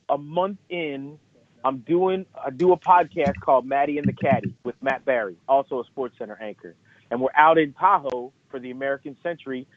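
A man who is a guest golf analyst tells a story in an animated way, laughing often, over the phone. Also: on the high side. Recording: tinny phone line, dry.

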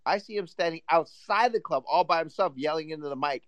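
A man's voice: a little high, fast talker, hardly any pauses, clean tone, no room sound. A man hosting a casual chat, telling a story with lots of laughter. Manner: animated storyteller, laughs often.

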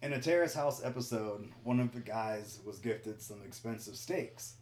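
A man's voice: lowish voice, normal speed, a little mellow, reverberant. A man hosting a casual podcast chat, reading listener questions in a wry, exasperated way. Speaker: podcast host.

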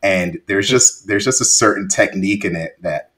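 Young man, podcast host, very deep voice, easygoing and full of fillers. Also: normal speed. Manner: relaxed, repeats words and uses many fillers. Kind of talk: casual interview chat.

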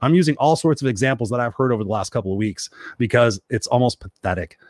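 Fast-talking blunt motivational man. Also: mid-range voice, expressive, darkish tone, no room sound, studio quality. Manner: blunt, profane and emphatic, repeating phrases for force. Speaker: live-stream host reading viewer comments. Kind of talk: motivational live-stream talk.

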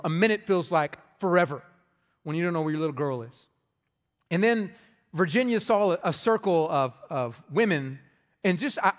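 A man in his thirties, a pastor preaching a sermon, impassioned and rising to loud emphatic peaks. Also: high-pitched. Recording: long reverb of a large hall.

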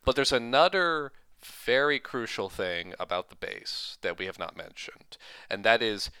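A man co-hosting a podcast, chatting casually about a movie, animated and laughing, stumbling over his words when he gets excited. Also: fairly low pitch, normal speed, creaky, clear, resonant tone, no room sound. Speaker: podcast co-host. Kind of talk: casual movie-review chat.

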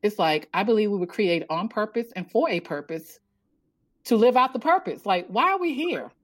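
A woman guest in a casual interview, animated, telling her story and laughing often. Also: normal speed. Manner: animated, laughs often, acts out quotes in a higher voice. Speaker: podcast guest, author and coach.

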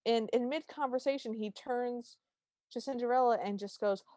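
A woman's voice: fairly high pitch, moderate pace, mellow, no echo. Woman podcaster narrating a plot. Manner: narrates the plot in detail, quoting lines. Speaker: podcast co-host. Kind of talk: casual chat recapping a TV special.

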